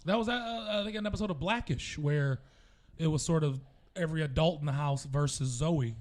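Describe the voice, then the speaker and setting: A man from the American South co-hosting a podcast, telling stories in a relaxed, laid-back way. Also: fairly high pitch, fairly quick. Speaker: podcast co-host. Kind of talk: casual chat, storytelling.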